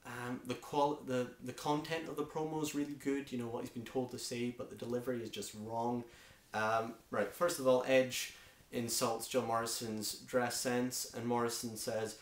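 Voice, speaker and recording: A man's voice: medium pitch, little pitch movement, moderate pace. A man with a Scottish accent reviewing a wrestling show in a casual, opinionated way, full of enthusiasm and frequent ums. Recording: echoey room.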